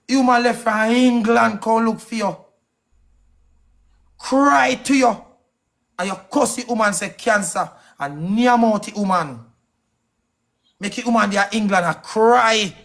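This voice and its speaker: A man's voice: high voice, fairly bright tone. A man with a Jamaican accent delivering a heated, accusing rant on a live stream, firing off questions. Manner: angry, accusing, rapid-fire questions.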